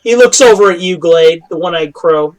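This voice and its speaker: A man's voice: sits high, moderate pace. A man narrating as game master of a tabletop game, joking and laughing, often restarting his sentences. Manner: jokey, with frequent restarts and laughs.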